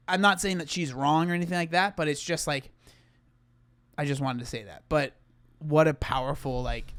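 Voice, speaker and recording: A young man talks through his own TV appearance in loose, rambling commentary, piling up fillers and restarting his sentences. His voice sits a little high, recorded close and dry with no room sound. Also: fairly bright tone, dry recording. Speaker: YouTuber reacting to his TV appearance. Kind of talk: casual reaction commentary.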